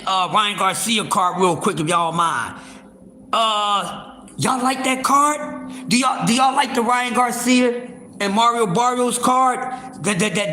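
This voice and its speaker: A man hosting a casual boxing livestream, talking loudly with lots of profanity and restarts. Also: high voice, echoey room, a little hiss or hum. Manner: loud, profane, animated, with repeated fillers and restarts.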